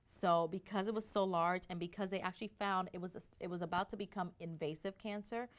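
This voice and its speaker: A woman telling her personal story as an interview guest, in an animated way with frequent restarts. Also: fairly low pitch, a little fast.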